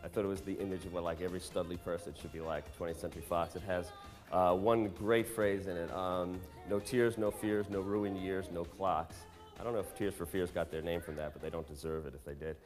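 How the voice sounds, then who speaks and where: A male songwriter and producer speaking in a quick, wry, candid monologue with a fairly low voice. His phrases sink and fade at the ends. A long room reverb hangs on his words, with faint music underneath. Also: fairly even intonation.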